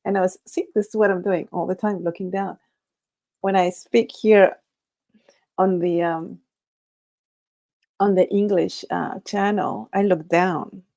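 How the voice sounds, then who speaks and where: A woman whose first language is Spanish, hosting a casual livestream, talking in a halting, nervous way with many restarts. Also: mid-range voice, fairly even intonation, dark tone. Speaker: livestream host.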